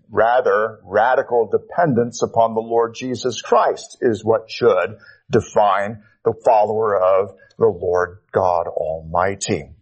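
A man, reading scripture and preaching a sermon in a measured, earnest way with emphatic stresses. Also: lowish voice, low-quality recording. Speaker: pastor.

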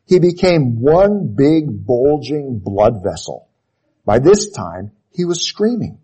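A man preaching with deliberate, unhurried weight, hammering his points home through repetition. His voice is husky and mellow, and he often sinks to a hushed, heavy close at the end of a phrase. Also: big pitch swings, rough recording. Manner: emphatic, repeats key phrases, drops to low intensity on closing words. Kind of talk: sermon.

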